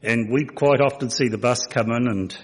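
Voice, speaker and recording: A man's voice: medium pitch, normal speed, slightly rough. A man telling a folksy story to a church congregation, recorded in a church hall. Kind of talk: anecdote told to a congregation.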